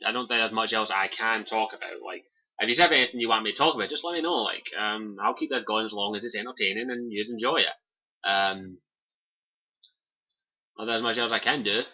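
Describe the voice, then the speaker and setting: Bright-voiced young Scottish man rambling. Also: on the low side, rough recording. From Scotland. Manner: rambling, swears freely, many fillers. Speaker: livestreamer. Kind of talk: casual livestream chat. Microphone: cheap desk mic by keyboard.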